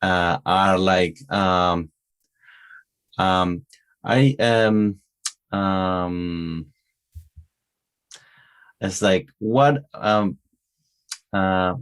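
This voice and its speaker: Argentine man, low-pitched, co-host, casual and halting with lots of fillers. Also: clear, resonant tone. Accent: Argentine Spanish. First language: Spanish. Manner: halting, many fillers and restarts. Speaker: podcast co-host. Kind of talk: casual chat.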